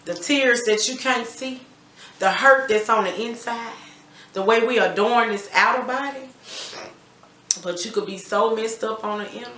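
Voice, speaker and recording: A woman's voice: fairly high pitch, normal speed, a bit bright. A middle-aged woman giving an emphatic, candid personal testimony about her life, swearing freely. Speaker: guest telling her life story. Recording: roomy echo.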